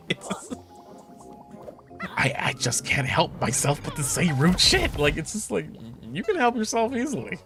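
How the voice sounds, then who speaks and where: A young man chatting casually while he plays, candid and full of swearing and laughter, jumping into high mocking voices when he quotes people. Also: very animated, a little slow, pushed and bright. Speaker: streamer. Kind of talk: casual chat while gaming. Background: game music.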